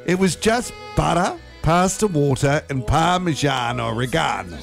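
A man's voice: a little high, animated, a little slow, gravelly, music in the background. A man with an Australian accent co-hosting a radio show, chatting and joking in a rambling way. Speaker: radio co-host. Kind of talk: casual banter on air.

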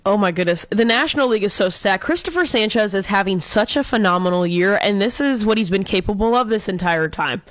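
A woman's voice: mid-range voice, animated, a little fast, hardly any pauses. A woman co-hosting a casual sports talk show, giving enthusiastic, opinionated takes like an eager fan. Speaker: co-host.

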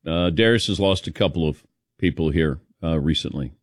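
A man's voice: rumbling low, normal speed, no room sound, clean studio sound. A man hosting a talk radio show, chatting casually with his co-hosts and taking calls from listeners. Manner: warm storytelling, takes callers.

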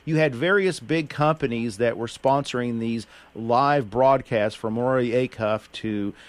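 A man's voice: medium pitch, unhurried. A male morning radio host with a plain mid-range voice. He keeps the talk easy and chatty, laughs readily, and steers the show between calls and breaks. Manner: chatty, laughs easily, says "I tell you what".

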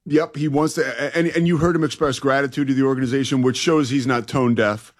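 A man's voice: mid-range voice, fairly even intonation, fairly quick. A man co-hosting a sports talk radio show, emphatic, stretching key words and laughing easily.

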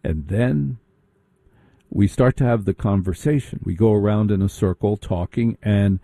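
A man telling a comic story about the past in a sarcastic, animated and mocking way. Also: fairly low pitch, a little slow, vocal fry, no echo.

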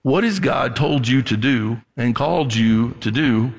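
A man's voice: mid-range voice, unhurried, creaky, breathy edge. A man preaching a sermon as pastor, talking conversationally, acting out voices from the story and closing in prayer. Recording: long reverb of a large hall.

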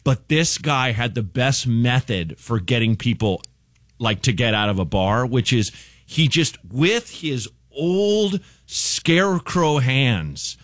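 A man's voice: medium pitch, takes it slowly, no room sound. A man who is a comedian guest, telling a rambling story on a studio radio show, acting out voices and laughing as he goes. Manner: rambling, animated, acts out voices and laughs while telling stories.

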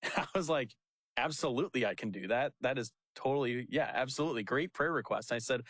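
A young pastor tells a story in casual chat, laughing a lot and acting out the voices. His mid-range voice moves a little fast, recorded close and dry with no room sound.

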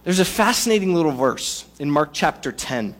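A man preaching a sermon to a congregation, in a conversational, animated way with playful asides. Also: a little high, normal speed. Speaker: pastor.

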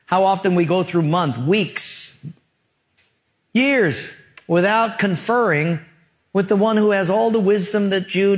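A male pastor preaching a sermon with humorous stories, emphatic pauses and rhetorical questions. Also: fairly high pitch.

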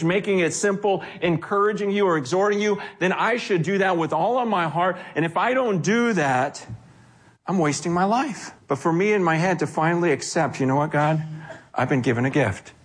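A man preaching a sermon in a conversational, animated way, acting out quotes and often restarting his sentences. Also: high-pitched, moderate pace. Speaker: pastor.

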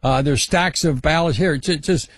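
Rambling talk radio host, dry studio sound. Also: male voice, on the high side, slightly rough, dry recording. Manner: rambling, halting lead-in questions.

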